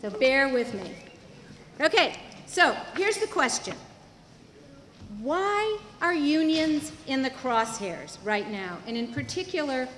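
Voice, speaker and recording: A woman lecturing at a teach-in, her voice sitting a little high for a woman. She explains things clearly and with emphasis, asking questions and answering them herself. The sound rings with long reverb from a big hall. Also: a bit bright. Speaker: university labor educator. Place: large hall at a university student union. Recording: echoey hall, faint room noise.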